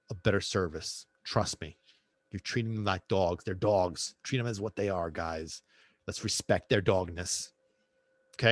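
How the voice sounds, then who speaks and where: A man with a lowish voice, recorded without echo, hosts a podcast and speaks casually about his dog training. He's fervent, tends to repeat and sermonize, and drops Italian expressions along the way.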